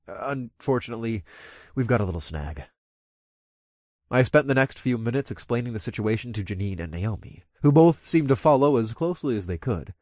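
A man's voice: mid-range voice, a little mellow, no room sound, clean studio sound. A man narrating a story in the first person, blunt and swearing freely. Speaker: narrator and lead character.

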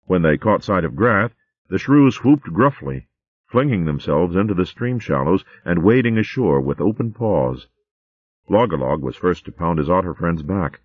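A man with a deep, low voice narrates a storybook. His reading is animated and expressive, with wide swings in pitch. The audio is narrow and phone-like, recorded dry with no room sound. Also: moderate pace, dry recording.

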